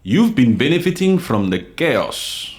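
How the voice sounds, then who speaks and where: A man from the DR Congo hosting a livestream, giving heated commentary and talking straight to his chat viewers. His delivery is forceful and he repeats himself a lot. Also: medium pitch, sing-song, a little slow. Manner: forceful, repetitive, addresses chat viewers directly. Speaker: livestream host.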